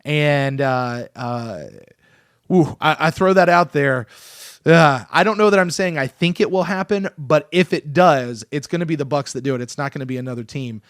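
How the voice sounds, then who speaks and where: A man's voice: mid-range voice, no room sound. Guy in his 30s hosting a sports podcast, gets fired up, stumbles and restarts, dry close sound. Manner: excitable, animated, self-interrupting. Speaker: podcast host. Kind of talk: casual sports podcast chat.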